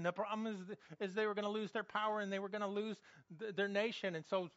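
A man delivers a sermon in an earnest, emphatic way, stumbling over repeated words as he presses his point with questions. His voice sits high for a man. The sound is dry and a little muffled. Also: flat delivery, fast, hardly any pauses, fairly bright tone, no echo. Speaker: pastor.

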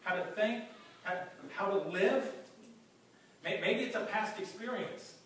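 A man's voice: sits high, a little slow, a bit bright. Guy preaching a sermon, earnest, keeps repeating himself, heard from across a big echoey room, faint hiss behind. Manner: earnest, repeats words and restarts often. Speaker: pastor. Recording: very echoey room, voice from a distance, faint background noise.

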